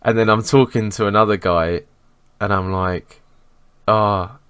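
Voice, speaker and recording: Deep-voiced sweary man telling stories. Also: fairly even intonation, normal speed, a bit bright, clean tone, dry recording. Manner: sweary, storytelling, self-mocking. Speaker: podcast co-host. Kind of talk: casual podcast chat.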